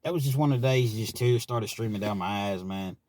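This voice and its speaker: Low-pitched Kentucky man, dry close sound, casually recounting prison life in a frank way. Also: brisk, a little mellow, no echo. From Richmond, Kentucky, US. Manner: laid-back, frank, often ending phrases with "man". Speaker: channel host telling prison stories. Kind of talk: casual storytelling monologue.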